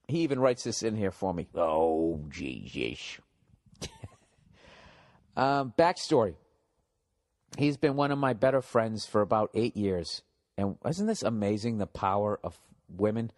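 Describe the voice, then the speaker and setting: A man's voice: fairly low pitch, lively intonation, measured pace, long pauses. A man hosting a comedy podcast, telling stories and reading listener mail in a blunt, profane, mocking way. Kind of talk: casual podcast rant.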